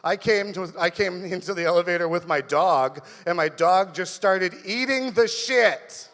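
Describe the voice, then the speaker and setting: A comedian playing a blunt, oversharing neighbor who talks loudly and without a filter. His voice carries a long echoing reverb. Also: high-pitched, unhurried. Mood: gleeful. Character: gross, chatty male neighbor with a pug.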